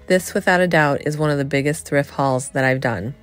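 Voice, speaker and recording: A middle-aged woman chatting excitedly to viewers as she shops a thrift store, filming on a handheld phone. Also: low-pitched, a little fast, soft background music. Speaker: vlogger. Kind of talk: casual thrift-store vlog chat.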